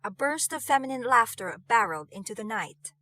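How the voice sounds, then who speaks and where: Bright-voiced woman reading an audiobook. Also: a little high. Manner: measured and expressive. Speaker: audiobook reader. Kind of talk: audiobook narration.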